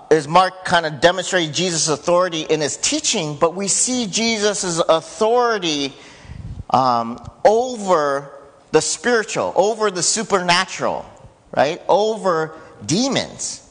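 Man, pastor, sermon, unhurried, lingering church reverb. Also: high-pitched. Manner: conversational preaching, rising to shouts when quoting. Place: church sanctuary.

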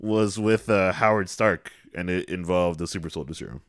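A man's voice: sits low, normal speed, no echo. A man chatting casually on a comedy podcast, with dry, laid-back asides.

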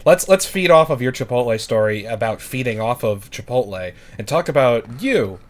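A man's voice: mid-range voice, lively intonation, normal speed. A man co-hosting a casual podcast, teasing his guest and asking questions with a laugh. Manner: teasing, joking, laughing along. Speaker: podcast co-host.

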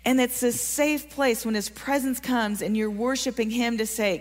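A woman's voice: a little high, fairly even intonation, normal speed, few pauses. Earnest woman preaching in a reverberant hall. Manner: earnest, encouraging, asks the congregation questions. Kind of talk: sermon. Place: church sanctuary. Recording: long reverb of a large hall.

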